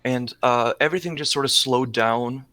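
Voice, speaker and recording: A man's voice: medium pitch, moderate pace, bright, forceful tone. A man speaking as a podcast guest, earnest and hesitant, often restarting his sentences. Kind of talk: casual conversation.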